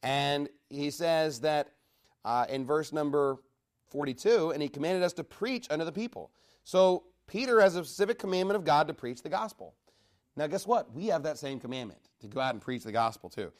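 Delivering a verse-by-verse sermon on the Bible, this male preacher speaks at a normal speed with lively intonation. His style is emphatic: he questions the congregation and raises both pitch and volume to stress key points.

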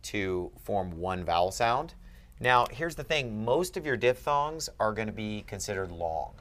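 A man's voice: lowish voice, expressive, unhurried, a bit bright. A man tutoring a student one-on-one, explaining step by step and often checking that he is followed. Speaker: Greek tutor. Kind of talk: one-on-one language lesson.

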